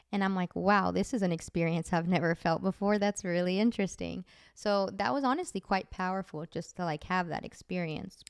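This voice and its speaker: A woman's voice: medium pitch, vocal fry, smooth, no echo, clean studio sound. A woman podcast host chattily telling dream stories, full of "like" fillers. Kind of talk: casual storytelling.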